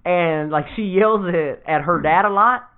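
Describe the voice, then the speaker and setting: A man's voice: high-pitched, measured pace, clean tone. A man in casual podcast banter, joking and swearing a lot and laughing often at his own stories. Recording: phone-like narrow sound.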